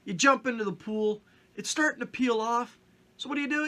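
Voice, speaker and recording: A man's voice: very high-pitched, brisk, bright, forceful tone. A middle-aged man from Canada hosting a casual comedic vlog, joking and acting out little mock-stern scenes. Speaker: vlogger host.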